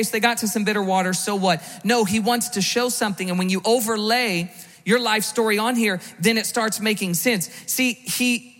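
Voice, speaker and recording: A man's voice: high-pitched, fairly bright tone, big-room sound. A man preaching a sermon as pastor, conversational, with rhetorical questions and frequent restarts. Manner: repeats words when restarting.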